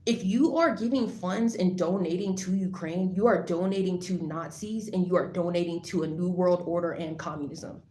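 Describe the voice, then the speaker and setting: A woman talking casually to the camera, rambling with lots of fillers and restarts, turning loud and heated as she rants. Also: fairly low pitch, moderate pace, few pauses. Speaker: vlogger. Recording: echoey room, faint background noise.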